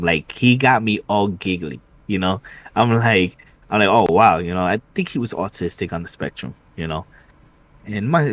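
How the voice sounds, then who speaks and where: A man with a lowish voice tells a story in relaxed podcast chat. He talks in an animated, slangy way, throwing in "you know" and "dude". His voice sits on the low side. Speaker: podcast co-host. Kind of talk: casual chat.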